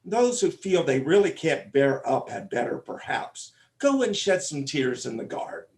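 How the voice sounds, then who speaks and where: A pompous, fussing father of the bride, played by a man on stage. His slightly high voice rises and falls in lively, theatrical sweeps. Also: normal speed. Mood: fussy. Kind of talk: stage comic opera acting.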